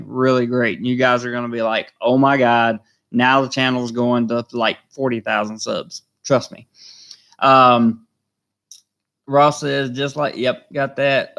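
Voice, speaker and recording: A man's voice: mid-range voice, a bit bright. A man with a Southern American accent chatting casually on a live stream, reading viewer comments and rambling with many fillers. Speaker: vlogger hosting a live stream.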